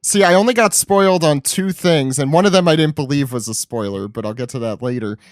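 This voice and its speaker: A man on a podcast chatting casually in an animated, amused way. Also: on the high side, fairly quick, no echo, studio quality. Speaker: podcast panelist. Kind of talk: casual chat.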